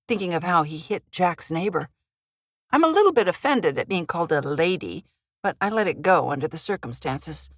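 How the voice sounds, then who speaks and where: A woman, the author, reading her thriller in first person with a measured, dramatic delivery. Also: fairly low pitch, animated, dry recording, clean studio sound. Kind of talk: first-person audiobook narration.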